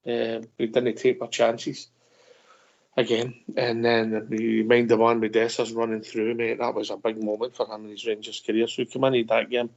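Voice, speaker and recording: A man hosts a football phone-in in casual chat. He talks in a measured, hesitant way with a gravelly voice. His voice sits in a middle range, and the audio is dull and lo-fi. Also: medium pitch, level tone. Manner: measured, hesitant, fills with "uh" and "mate". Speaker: host.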